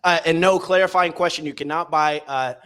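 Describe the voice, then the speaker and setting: A man's voice: fairly high pitch, fairly even intonation, a little fast, fairly bright tone, clear, resonant tone. A man co-hosting a podcast in casual chat, playful and given to stammering through mock accents. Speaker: podcast co-host. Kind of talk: casual chat with joke impressions.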